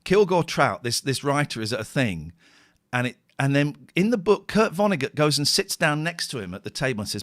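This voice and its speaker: A man's voice: medium pitch, sing-song, a little fast, no room sound. A middle-aged man hosting a radio show, chatting casually and rambling emotionally, worn out and close to tears. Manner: emotional, rambling, tearful at times. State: tired. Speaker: radio host. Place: radio studio. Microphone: studio microphone.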